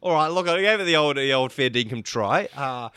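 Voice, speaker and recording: A man's voice: medium pitch, expressive, sharp tone, clean tone, no echo, pitched below the performer's own voice. A man putting on a broad Australian accent as a crude, rambling outback bloke. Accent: put-on Australian. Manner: slow mumbling drawl, crude.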